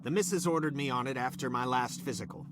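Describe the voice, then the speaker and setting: An actor playing a short-tempered, sarcastic middle-aged scientist boss in a video game. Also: male voice, mid-range voice, fast, background noise, close to an everyday voice. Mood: grumbling. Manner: sarcastic, barking, then sheepishly apologetic.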